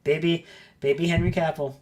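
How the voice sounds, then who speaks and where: A woman's voice: sits low, fairly even intonation, fairly quick, darkish tone. A woman guest on a livestream, teasing and joking. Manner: teasing and jokey. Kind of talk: casual chat.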